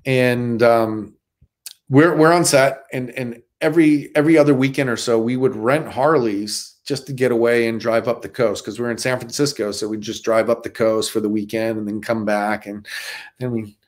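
A middle-aged stuntman, a guest in a casual interview, tells stories animatedly with lots of restarts. He speaks in a mid-range voice at normal speed.

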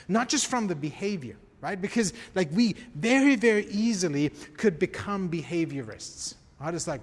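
A man preaching a sermon as pastor, emphatic, swinging from quiet to raised. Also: a little high, animated, normal speed, hardly any pauses, breathy edge, in a large hall. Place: church.

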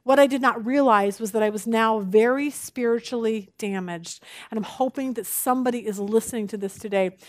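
A woman teaching a women's Bible study, animated and expressive, telling jokes as she speaks. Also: on the high side, a little fast, no room sound, clean studio sound.

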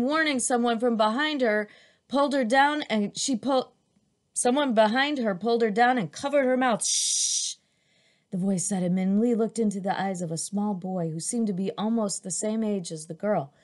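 A woman's voice: a little high, moderate pace. A woman reading a children's adventure chapter aloud as narrator, with an occasional restart.

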